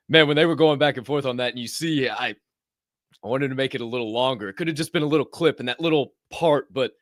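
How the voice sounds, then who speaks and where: A man hosting a reaction podcast in an energetic, hyped-up way. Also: medium pitch, no room sound, studio quality. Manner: energetic and hype. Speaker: podcast host. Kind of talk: reaction commentary.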